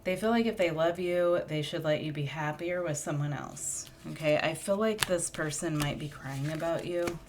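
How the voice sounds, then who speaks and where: A woman's voice: low-pitched, moderate pace, few pauses, background noise. A woman reading tarot cards in a casual, musing monologue, thinking aloud and getting emotional as she draws cards. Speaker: tarot reader.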